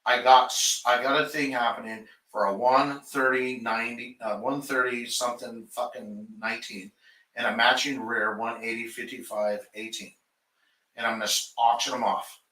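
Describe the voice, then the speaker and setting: Brief: fired-up shop owner, swears a lot, bright forceful voice, roomy garage sound, a little off-mic. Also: male voice, medium pitch, fairly even intonation, moderate pace, distant mic. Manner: heated, profane, ranting. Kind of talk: casual podcast chat.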